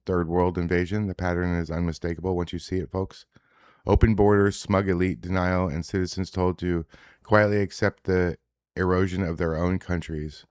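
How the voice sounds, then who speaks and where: A man's voice: low voice, clear, resonant tone, no room sound, studio quality. A man hosting a casual reaction show, talking bluntly and profanely, rambling with restarts as he reacts to posts. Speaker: show host reacting to social media posts. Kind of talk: casual live reaction commentary.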